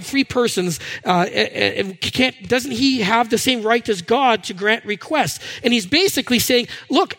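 A man preaching a sermon, animated and conversational, acting out the voices of people he quotes. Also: high-pitched. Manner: animated, acts out quoted voices, restarts words. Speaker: pastor. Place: church hall with a screen.

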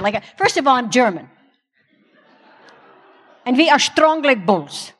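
A woman's voice: high-pitched, big pitch swings, takes it slowly, fairly bright tone, breathy edge. A middle-aged woman, a pastor's wife, candidly telling a church congregation her own story with self-mocking humor. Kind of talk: personal testimony talk. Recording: long hall reverb.

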